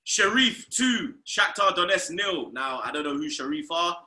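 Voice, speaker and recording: A man hosting a casual football talk show, loud and excitable and swearing a lot. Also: sits high, moderate pace, roomy sound, rough recording. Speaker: host.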